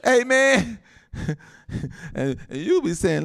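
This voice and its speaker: A man preaching as a pastor, animated and laughing often, with frequent amens. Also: fairly high pitch, normal speed. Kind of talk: sermon.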